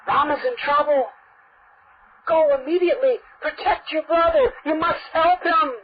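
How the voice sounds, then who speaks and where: A frantic young queen, as a woman storyteller puts her on, pleading with tearful urgency. Her voice pitches up high and slows into drawn-out cries. The recording is dull and lo-fi. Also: a little hiss or hum. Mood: desperate.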